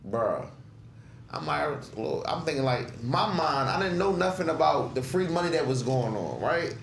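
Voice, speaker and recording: At a moderate pace and in a slightly high voice, a clothing brand owner in his 20s tells casual, profane stories as a podcast guest, animatedly replaying his old remarks. A roomy echo and slight background noise are audible.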